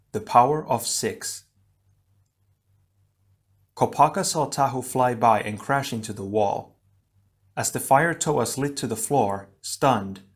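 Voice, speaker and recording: A man narrating an action storybook in a steady, even reading voice. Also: medium pitch. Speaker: audiobook reader.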